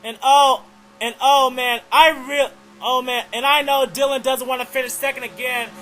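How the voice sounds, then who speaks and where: A young man doing excited play-by-play commentary on a race, repeating "oh man" and running out of breath. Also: very high-pitched, normal speed, music in the background. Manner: excitable, keeps saying "oh man".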